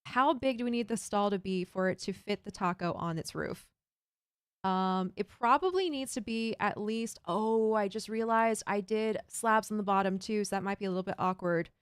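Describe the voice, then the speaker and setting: A woman's voice: medium pitch, normal speed, clear, resonant tone, no echo, studio quality. Chatty woman streamer thinking aloud. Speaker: Minecraft streamer. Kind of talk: casual live-stream commentary while building.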